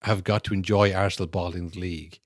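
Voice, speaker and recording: A man co-hosting a podcast, talking football casually and animatedly, acting out fans' back-and-forth in quick asides. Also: low voice, dry recording, clean studio sound. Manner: animated, mimics fans and rivals in quoted asides. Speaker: podcast co-host.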